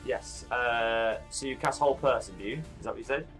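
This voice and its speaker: A man's voice: medium pitch, moderate pace, fairly bright tone, soft background music. A man acting as game master of a tabletop game, talking hesitantly with many fillers as he keeps track of the turns. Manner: hesitant, full of fillers, bookkeeping aloud.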